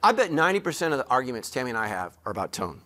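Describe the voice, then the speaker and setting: Male pastor giving a sermon; direct, emphatic, playful delivery with a forceful, bright voice. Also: medium pitch, big pitch swings, racing. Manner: emphatic, joking preacher who talks straight to the congregation.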